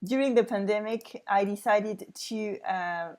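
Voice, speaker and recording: A woman's voice: medium pitch, unhurried, hardly any pauses. A French woman in her thirties with a French accent, teaching a reading lesson for learners, repeating words and sounding them out with care. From France.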